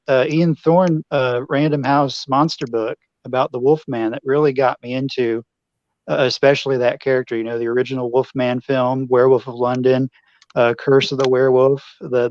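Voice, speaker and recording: A man's voice: mid-range voice, fairly even intonation, a little fast, darkish tone, dry recording. A man hosting a casual chat, easygoing, peppering his speech with "uh" and "you know". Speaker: podcast host. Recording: slightly dull lo-fi audio.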